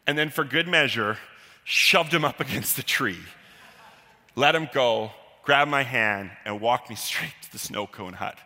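A man telling a personal childhood story live, animated and self-deprecating, acting out the quotes. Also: medium pitch, moderate pace. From Canada. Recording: long hall reverb.

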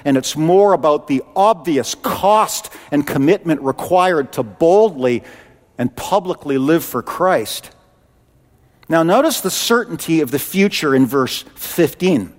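A man preaching in an animated, conversational way. His voice sits high, and a long church reverb trails after each phrase. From Canada. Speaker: pastor. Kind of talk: sermon.

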